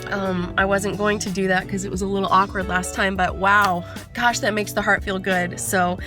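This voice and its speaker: A woman's voice: medium pitch, level tone, moderate pace, music in the background. Chatty woman in her thirties vlogging. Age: 30s. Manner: chatty and effusive. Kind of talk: casual vlog talk to camera. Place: in a car. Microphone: phone.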